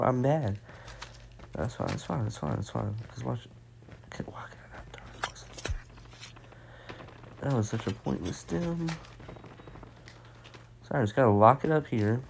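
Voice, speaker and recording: Gravelly man commentating a shooter game. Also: medium pitch, noisy background. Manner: excitable, self-mocking trash talk with slang. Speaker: gameplay streamer. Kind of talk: casual gameplay commentary. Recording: game gunfire and explosions behind the voice. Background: game gunfire and explosions.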